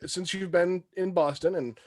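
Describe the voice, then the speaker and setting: A man co-hosting a sports podcast, asking relaxed questions and giving short reactions. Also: high-pitched, normal speed. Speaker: podcast co-host. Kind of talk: casual interview chat.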